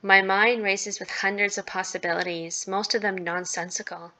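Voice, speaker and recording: In a medium-pitched, steady voice at a normal speed, a woman reads the inner narration and dialogue of a shy, nervous teenage girl from a visual novel. Her tone is pushed and bright, close to how she'd normally talk, and she sounds anxious, self-deprecating and earnest.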